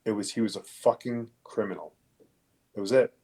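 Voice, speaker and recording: A man's voice: lowish voice, normal speed, warm tone, breathy edge. A police detective, a man, telling his story bluntly and with heavy swearing in a conversational interview. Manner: blunt, profane, emphatic. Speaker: police detective, podcast guest.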